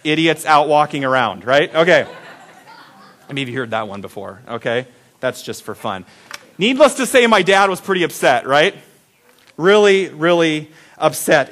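Man, pastor, sermon, high voice, animated storytelling, acted-out voices. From Iowa. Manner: animated storyteller, acts out voices, swings loud and soft.

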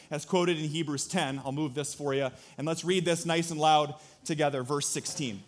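A man's voice: high voice, a bit bright. A young man preaching a sermon, joking and acting out little scenes as he tells a story. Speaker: pastor.

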